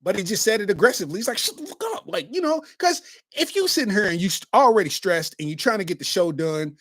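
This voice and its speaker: This fast-talking man has a high voice and is recorded with no room sound. He's a comedian in his forties hosting his podcast, animatedly telling stories in a loose monologue thick with street slang.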